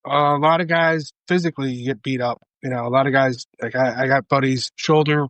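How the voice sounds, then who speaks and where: A man's voice: medium pitch, steady tone, a little fast, fairly bright tone, no echo, rough recording. A middle-aged man, a retired fire lieutenant appearing as a guest, talking plainly and matter-of-factly in a casual interview.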